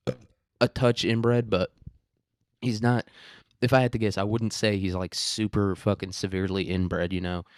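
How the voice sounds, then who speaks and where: Young guy ranting at home, swears a ton, laughs a lot, lowish voice, clean and dry sound. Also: darkish tone, dry recording. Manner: profane, rambling, laughs often. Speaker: podcast host. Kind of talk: casual ranting monologue.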